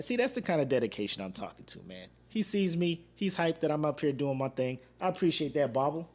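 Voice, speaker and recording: A man in his thirties hosting a casual podcast, telling a story with laughs and acted-out quotes. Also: mid-range voice. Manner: animated, laughs often, acts out quoted fans. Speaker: podcast host.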